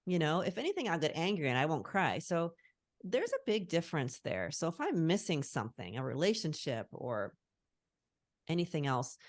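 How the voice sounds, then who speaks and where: On this call recording, a middle-aged woman with a lowish voice takes part as a guest in a casual conversation. She talks earnestly and reflectively, hunting for the right words, and the audio is clean studio sound without any room sound.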